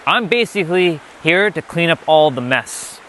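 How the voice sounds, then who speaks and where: A man's voice: a little high, animated, normal speed, bright, forceful tone, a little hiss or hum. A man giving an unscripted spiritual lesson, blunt and emphatic, often swearing. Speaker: spiritual teacher.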